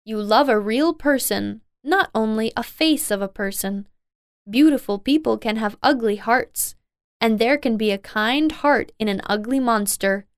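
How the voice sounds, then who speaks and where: A woman's voice: a little high, smooth, no room sound, clean studio sound. A woman voicing a solemn fairy lady. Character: wise fairy lady, stern and commanding. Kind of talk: storybook read-aloud.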